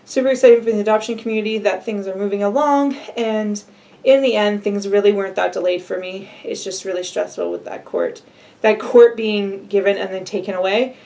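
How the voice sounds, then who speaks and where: A young woman talks straight to her camera in a loose, rambling update. Her voice sits at an everyday pitch with a gravelly, fry-edged texture. She laughs now and then as she talks. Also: fairly quick, mellow. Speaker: adoption vlogger. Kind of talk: casual solo vlog update.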